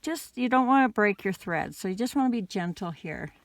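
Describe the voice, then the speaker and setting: A woman with an ordinary mid-range voice explains crochet steps in a relaxed, patient way. She speaks gently and drops in an occasional "um". The recording is close and dry, with no room echo. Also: medium pitch, fairly quick. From Canada. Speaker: crochet instructor. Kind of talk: casual step-by-step tutorial.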